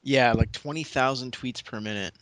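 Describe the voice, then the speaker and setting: A young man in a casual podcast chat, talking haltingly with frequent restarts. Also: mid-range voice, fairly bright tone, dry recording.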